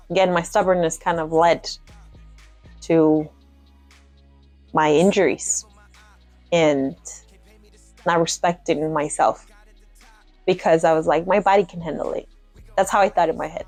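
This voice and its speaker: A woman's voice: on the low side, a little mellow, no room sound. Blunt young woman telling her story. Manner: blunt, swears freely, laughs at herself. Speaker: MMA fighter sharing her story. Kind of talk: candid personal storytelling.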